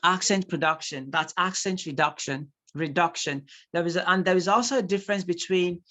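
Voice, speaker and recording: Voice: medium pitch, normal speed, bright, forceful tone. Nigerian-accented tutor teaching a live class. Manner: reads chat replies aloud, repeats key points for emphasis. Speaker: speaking tutor.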